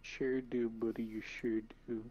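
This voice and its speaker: A man's voice: medium pitch, little pitch movement, a little slow, warm tone, muffled recording. A man chatting with a friend while gaming, swearing, teasing and laughing often. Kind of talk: casual chat while gaming.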